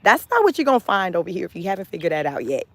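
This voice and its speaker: A woman's voice: fairly low pitch, big pitch swings, very fast, no echo. A woman hosting a casual motivational livestream, talking emphatically, repeating phrases and laughing often. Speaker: livestream host.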